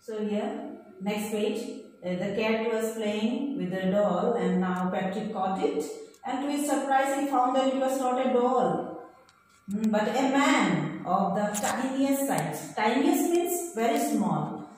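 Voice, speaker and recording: A woman's voice: on the high side, lively intonation, slow pace, a little mellow, slight background noise. A woman with an Indian English accent, teaching English by reading a story aloud and explaining each word simply. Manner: reads a line, then explains it simply with fillers. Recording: echoey room from far off.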